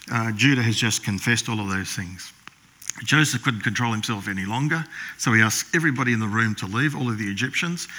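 A male pastor preaches, retelling the story vividly and dropping into a hushed voice for the characters. His voice sits fairly low but sounds bright and forceful, and he clears his throat now and then. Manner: storytelling, acts out the brothers' lines in a hushed voice. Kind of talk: sermon.

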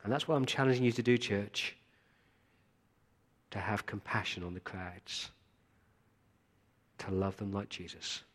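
A man's voice: on the low side, a little slow, pauses often. A male pastor giving a sermon, speaking earnestly and appealing directly to his congregation.

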